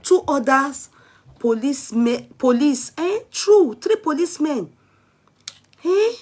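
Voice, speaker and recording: A woman's voice: sits high, lively intonation, takes it slowly, a little mellow. A Nigerian woman vlogger chatting live with her viewers, exclamatory and switching between Pidgin and Yoruba. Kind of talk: live-stream chat with viewers.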